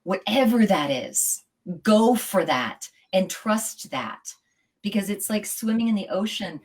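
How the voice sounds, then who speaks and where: A woman's voice: medium pitch, expressive, a little slow, darkish tone, poor audio. A middle-aged woman, a yoga teacher, talking earnestly and from the heart as an interview guest, her thoughts running on. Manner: earnest and heartfelt, speaks in flowing run-on thoughts. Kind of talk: casual interview talk.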